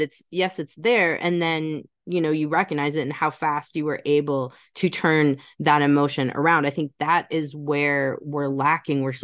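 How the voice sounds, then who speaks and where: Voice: mid-range voice, a bit bright, no room sound. Rambling podcast host on a dry mic. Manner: rambling, many fillers like "you know". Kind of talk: casual interview questions.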